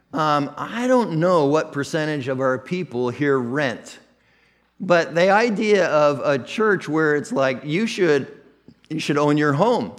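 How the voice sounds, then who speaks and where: Male pastor, Midwestern American accent, candid conversational preaching, pitch a touch high. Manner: conversational, self-deprecating, with many restarts. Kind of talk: sermon.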